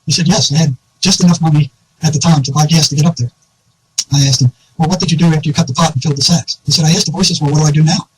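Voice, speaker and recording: A man telling an animated anecdote in a casual conversation, often quoting others and laughing. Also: a little high, very fast, husky, poor audio.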